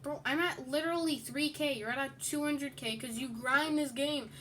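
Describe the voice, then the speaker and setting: A woman's voice: sits high, moderate pace, hardly any pauses, fairly bright tone, slight background noise. A young woman commenting on her own game play, swearing and screaming in fury at other players. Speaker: gamer. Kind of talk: gaming commentary.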